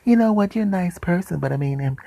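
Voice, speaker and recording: A man putting on a teasing, condescending young woman's voice in a comic monologue, pitched well above his own. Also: animated, fast talker, gravelly, warm tone, no echo.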